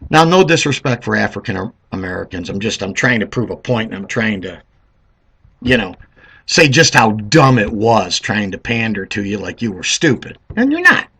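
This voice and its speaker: A man of Italian heritage with a husky voice, rambling through a sarcastic political rant. His pitch swings widely as he jokes and addresses the listener directly. His tone is forceful and edgy. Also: animated, normal speed. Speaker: political commentator. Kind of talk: vlog commentary monologue.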